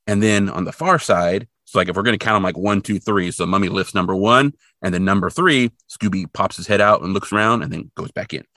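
A man's voice: low voice, a little fast, few pauses, dry recording, clean studio sound. A man co-hosting a podcast, recapping a cartoon episode in casual chat and acting out bits of the story. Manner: animated storytelling with acted-out bits.

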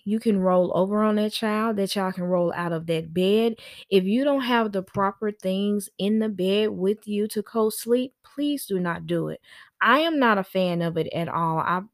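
A woman's voice: mid-range voice, no echo, clean studio sound. A middle-aged woman, a nanny hosting a parenting show, giving casual, sassy advice and acting out the people she quotes.

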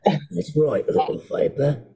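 A man putting on a South African accent to voice a gruff male pirate chief from a game, with a slow, drawling delivery. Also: a little high, over a noisy crowd. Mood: taunting.

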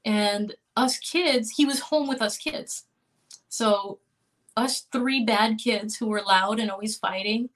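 A middle-aged woman recounting a hard personal story in an interview, earnest and halting, with restarts and small laughs. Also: a little high. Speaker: interview guest.

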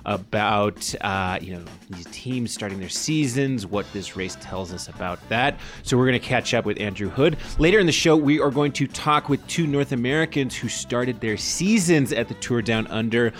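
A man hosting a podcast, talking in a quick, upbeat, chatty way as he opens the show and questions his guest. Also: medium pitch, expressive, faint music behind. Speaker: podcast host. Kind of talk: casual podcast interview. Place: Boulder, Colorado studio.

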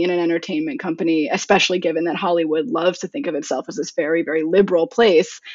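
A woman moderating a panel, posing articulate, quick-paced questions. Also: fairly low pitch, no room sound, dull audio.

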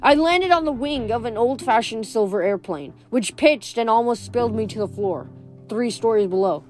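A woman reading a novel aloud in a steady storytelling voice, with small slips and restarts. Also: on the high side, normal speed, soft background music. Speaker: reader.

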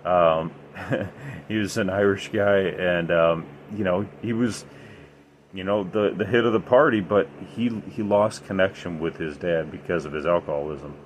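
This podcast host speaks in a low voice at a slightly slow pace, telling ghostly tales casually, emphatically, and with plenty of fillers. Some faint background noise can be heard.

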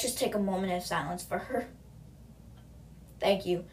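A woman's voice: lowish voice, animated, unhurried, sharp tone. Young woman gabbing about a book on her podcast, lots of "like", mic sits a little far off. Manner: chatty, slangy, many "like"s. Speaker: podcast host. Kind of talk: casual book-recap podcast. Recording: voice a bit distant from the mic.

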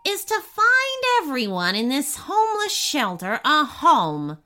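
A woman's voice: sits high, wildly swooping pitch, a little slow, pushed and bright, pitched above the performer's own voice, exaggerated voice. A woman voicing a grumpy, smug little blue imp in a storybook reading, drawling her taunts.

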